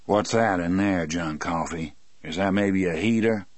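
A man's voice: low voice, a little slow, no room sound. A man reading as a wary, coaxing country deputy. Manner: coaxing, careful questioning. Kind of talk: audiobook character voice.

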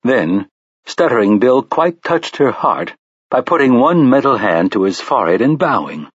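A man reads a novel aloud in a calm, measured way. His voice has a slight husky edge. The recording is dry and a bit dull, with little room sound. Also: mid-range voice, dry recording. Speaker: audiobook narrator. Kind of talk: scripted narration.

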